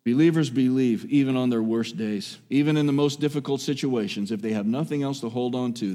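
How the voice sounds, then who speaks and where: A man preaching a sermon with emphasis, repeating key phrases and swinging between raised exhortation and hushed, quiet lines. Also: mid-range voice, fairly quick, hardly any pauses. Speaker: pastor.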